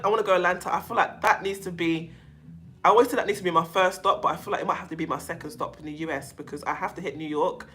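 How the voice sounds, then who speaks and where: An outspoken woman with a London accent talks straight to her livestream viewers in a middle-range voice. She is animated and blunt, laughs easily and drops slang as she reacts to comments. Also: medium pitch. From England. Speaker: YouTube livestream host. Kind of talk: casual livestream chat reading viewer comments.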